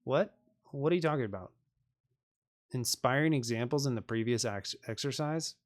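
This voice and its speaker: A man's voice: medium pitch, moderate pace. A man on a live stream working through programming exercises, reading them aloud and joking with viewers in a self-deprecating way.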